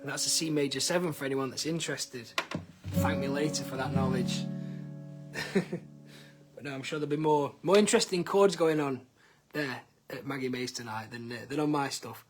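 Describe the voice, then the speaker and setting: A man's voice: medium pitch, moderate pace. A man, a singer-songwriter, chatting casually with viewers on a live stream from his living room, greeting people by name with plenty of ums. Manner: chatty, reads out viewer names, hesitant with many ums. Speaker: singer-songwriter and livestream host. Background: guitar.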